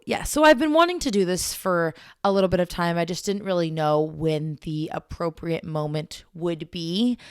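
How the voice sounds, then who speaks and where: A woman's voice: fairly low pitch, clean tone, dry recording. A young adult woman hosting a casual solo podcast from a small makeshift home studio, chatty and giggly, rambling with fillers. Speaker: podcast host.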